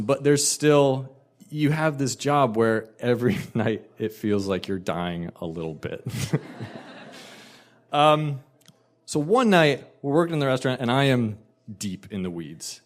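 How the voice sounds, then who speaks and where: Animated male storyteller. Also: medium pitch. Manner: animated, emphatic, self-mocking. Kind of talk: personal storytelling.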